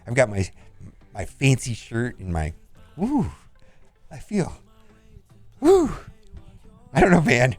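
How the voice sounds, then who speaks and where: A man's voice: medium pitch, huge pitch swings, a little slow, pauses often, soft background music. A man hosting a casual game video, reviewing store offers with blunt verdicts and laughs. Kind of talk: casual commentary.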